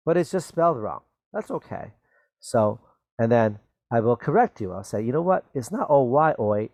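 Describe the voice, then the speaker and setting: A patient male teacher leads a children's spelling lesson, spelling words out letter by letter and gently encouraging near misses. He talks in an unhurried, drawn-out way. The recording sounds close and dry. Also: medium pitch, no echo.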